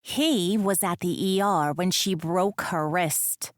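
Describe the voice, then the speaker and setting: A woman's voice: lowish voice, slow pace, dry recording, clean studio sound. A woman doing a sly, teasing big sister. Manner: sly, sickly sweet. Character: teasing, mischievous older sister.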